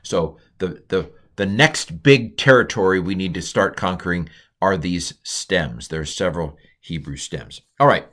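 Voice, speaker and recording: A man teaching a casual recorded lesson, thinking aloud with fillers and restarts, slowing down to sound out foreign words. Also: low-pitched, a bit bright. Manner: slows and stretches words when pronouncing Hebrew. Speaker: Hebrew teacher. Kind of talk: informal recorded language lesson.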